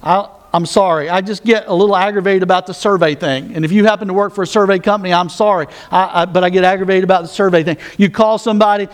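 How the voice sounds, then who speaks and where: High-voiced man preaching a sermon. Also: quick pace, few pauses. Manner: conversational, with self-mocking asides and repeated words. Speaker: pastor.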